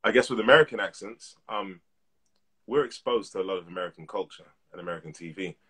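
A man in his thirties, an actor being interviewed over a live video call, talking in a relaxed, reflective way. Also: low-pitched, fast, breathy edge. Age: 30s. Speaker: actor guest. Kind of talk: casual interview.

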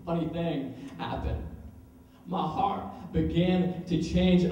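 A young man performing a spoken word poem dramatically, swinging between hushed lines and loud ones. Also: fairly high pitch, fairly even intonation, slow. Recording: very echoey room, voice far from mic.

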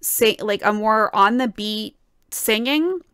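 A woman's voice: a little high, slow pace, fairly bright tone, smooth, dry recording. Enthusiastic woman explaining music up close. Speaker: musician reacting to a song. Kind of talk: casual music analysis.

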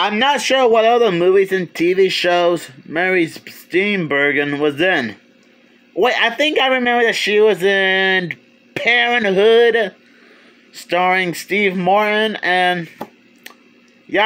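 Male reviewer, high pitched voice, loose halting delivery, casual video review. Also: bright, forceful tone, smooth. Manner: rambling, halting, many restarts, chuckles. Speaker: movie reviewer.

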